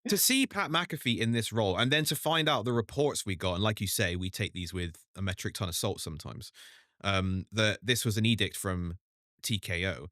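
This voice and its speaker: Low-voiced man, measured, dry sound. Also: sharp tone, no echo. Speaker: guest, actor and wrestling fan. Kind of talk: casual wrestling chat.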